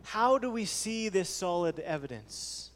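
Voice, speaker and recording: A man preaching a sermon earnestly, repeating key phrases and swinging between soft low passages and raised emphatic ones. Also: lively intonation, measured pace. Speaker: pastor. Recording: long hall reverb.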